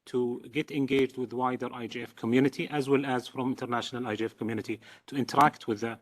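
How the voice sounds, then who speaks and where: Halting Saudi-accented man at a meeting. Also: mid-range voice, steady tone. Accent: Saudi Arabian. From Saudi Arabia. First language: Arabic. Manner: halting, many filler sounds and repeats. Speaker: host country representative. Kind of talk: formal meeting statement.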